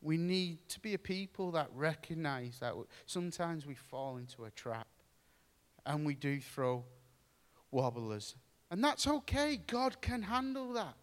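Slow-preaching man, high voice. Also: expressive, in a large hall. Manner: earnest, slow and pausing, with storytelling asides. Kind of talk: sermon.

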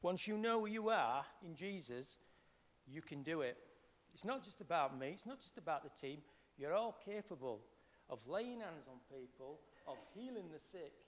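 A man with a Yorkshire accent, a healing minister giving an earnest personal testimony, shifting between soft and emphatic. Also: fairly high pitch, animated, moderate pace, big-room sound.

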